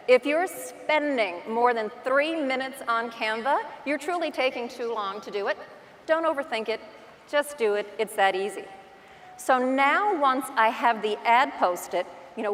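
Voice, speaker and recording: A woman with a Newfoundland accent talks to a large conference crowd in a chatty, self-deprecating way, telling stories as she goes. Her voice sits fairly high. The stage mic picks up a long reverb from the big hall. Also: normal speed, a bit bright, a little hiss or hum. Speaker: real estate agent giving a conference talk. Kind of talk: conference keynote talk.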